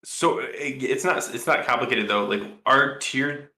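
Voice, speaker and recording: Bright-voiced man rambling in an echoey room. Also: medium pitch, measured pace. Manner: rambling, thinks aloud with many fillers and restarts. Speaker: podcast co-host. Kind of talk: casual podcast chat.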